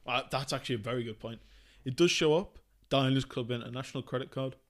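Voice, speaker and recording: A man's voice: mid-range voice, fast. Jokey rambling man hosting a film podcast. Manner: jokey, rambling, self-deprecating. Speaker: podcast co-host asking quiz questions. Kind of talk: casual film podcast chat.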